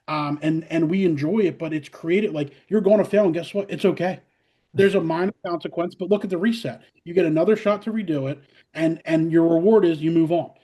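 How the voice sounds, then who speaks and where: A middle-aged man, a college softball head coach, talking casually in an interview and acting out his players' voices as he tells stories. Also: a little high, a little fast. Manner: animated storyteller, acts out players' voices, many fillers.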